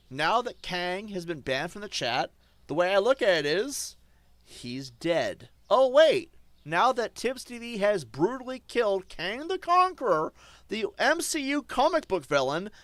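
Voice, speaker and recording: Guy streamer going off at his chat, high animated voice, dry close sound. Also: no room sound. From German. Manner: ranting, defiant, swings between loud outbursts and muttering. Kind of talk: casual stream rant.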